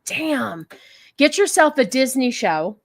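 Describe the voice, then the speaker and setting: A woman's voice: high voice, very animated, slow pace. A woman hosting a casual livestream podcast, talking in a sarcastic, mocking way and laughing often. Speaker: podcast host.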